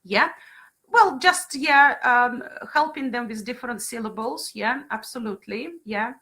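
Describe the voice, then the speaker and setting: A woman running an online training session for teachers, lively and often checking in with her group by asking "right?" and "yeah". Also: fairly high pitch, unhurried. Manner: frequent fillers and brief laughs.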